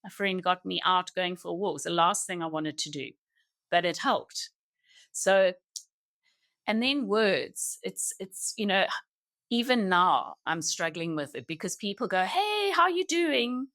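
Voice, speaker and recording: Earnest middle-aged woman, low and dry. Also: fairly bright tone, dry recording. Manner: earnest, halting, with many restarts. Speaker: podcast guest. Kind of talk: reflective personal conversation.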